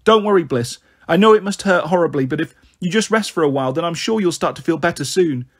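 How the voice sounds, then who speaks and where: A man's voice: a little high, expressive, quick pace, slightly rough. A man voicing a frightened young girl comforting her siblings, pleading and anxious.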